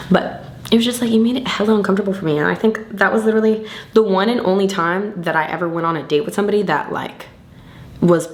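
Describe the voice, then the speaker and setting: A woman's voice: medium pitch, fairly even intonation, fast talker, echoey room. A tipsy young woman rambling loosely through a get-ready-with-me vlog, slangy and full of swearing. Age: young adult. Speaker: beauty vlogger.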